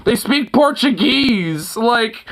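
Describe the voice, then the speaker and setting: This is a streamer, giving loose, profanity-filled commentary while reacting to clips. The talk rambles through constant filler words and mocking asides, broken up by laughter. The pitch is mid-level but swoops widely and expressively. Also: animated, slow, creaky, a bit bright. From United States.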